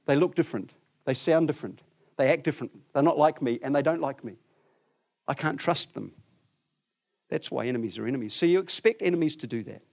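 A man preaching a sermon, telling the story with lively voices for the people in it. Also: medium pitch, a little fast, vocal fry, long pauses. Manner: animated storytelling, acts out voices.

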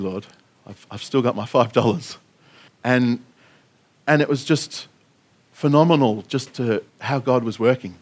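An earnest man shares a mission testimony from the pulpit. His voice sits in a middle pitch and he talks in a storytelling way, often restarting phrases. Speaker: pastor. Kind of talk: sermon testimony.

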